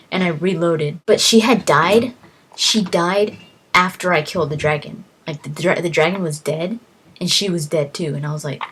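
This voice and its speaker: The low, husky voice of a woman chatting about a game she loves. She rambles eagerly, tripping over and repeating her words. It sounds like a casual, unscripted gaming vlog. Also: moderate pace, fairly bright tone. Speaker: gaming vlogger.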